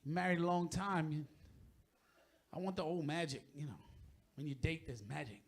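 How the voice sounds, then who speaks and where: A middle-aged man doing a stand-up comedy set on stage, profane and shouting out his punchlines. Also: on the high side, normal speed.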